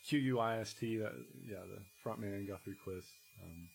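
A musician guest talks casually in a rambling, halting way, full of restarts and fillers. His voice is on the low side with vocal fry, and there's noise in the background.

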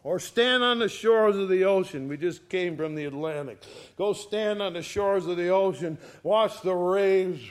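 A man preaching a sermon, reading scripture verses aloud and explaining them, with swelling emphasis on key words. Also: high-pitched. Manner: slow, emphatic, rising and falling in volume for emphasis.

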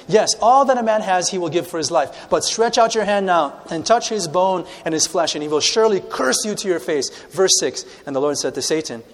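A man delivers a sermon, reading scripture and asking his congregation questions. His voice sits a little high. The sound carries a long, ringing reverb from a large church space. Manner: animated preaching, reads scripture aloud, asks the congregation questions. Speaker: pastor.

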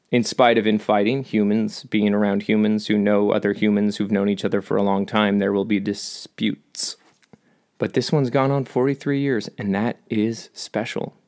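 A middle-aged man talking in a casual personal monologue, rambling with self-deprecating jokes and asides. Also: lowish voice. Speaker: vlogger.

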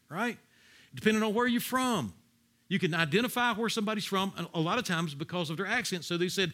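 A male pastor delivering a sermon with a bright, forceful tone and a slightly high voice. He preaches in an animated way, often jumping into loud, high-pitched acted-out voices. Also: a little fast.

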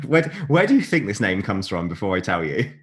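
Deep-voiced man chatting about wine. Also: sing-song, moderate pace. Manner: chatty and jokey, laughs often, explains wine. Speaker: podcast co-host. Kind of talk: casual chat.

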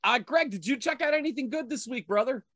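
Animated, joking podcast host. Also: male voice, very high voice, fast talker, no echo, studio quality. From Reno, Nevada. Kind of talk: casual chat.

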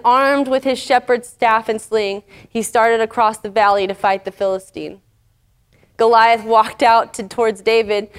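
A woman with a fairly high voice teaches a casual Bible lesson. She retells the story in her own chatty words and fills the pauses with "um". It sounds relaxed and conversational. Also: clear, resonant tone. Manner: chatty, paraphrasing the story with fillers.

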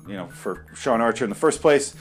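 A man's voice: mid-range voice, expressive, fairly quick, faint music behind. A man giving casual, profane and sarcastic commentary on a movie while watching it.

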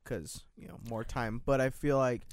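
A young man from the States talks through his ideas in a loose, rambling way, hedging and restarting as he goes. His voice sits at an ordinary pitch for a man. The sound is dry and close. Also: fairly even intonation, moderate pace, no echo. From United States. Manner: rambling, hedging, restarts often, swears casually. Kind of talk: casual chat.

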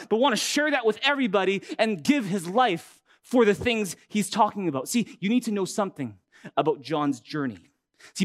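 Pastor guy preaching, pretty high voice, chatty and animated, lots of rhetorical questions. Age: adult with an older son. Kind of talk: sermon.

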